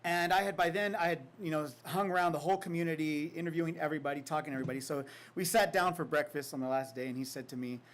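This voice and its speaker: A man, an author at a literary reading, reading a poem and then telling a story in a reflective, unhurried way with casual fillers. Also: on the high side, steady tone. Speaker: author giving a faculty reading.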